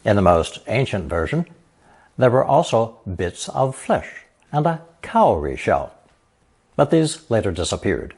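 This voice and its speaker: A man narrating a scripted language lesson, reading example sentences slowly and then translating each one. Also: fairly low pitch, sing-song, darkish tone, husky. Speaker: language teacher.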